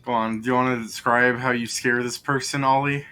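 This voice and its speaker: A man's voice: medium pitch, fairly even intonation, brisk, pushed and bright, a little hiss or hum. A man running a tabletop game as game master, dry and teasing, stopping to ask his players questions.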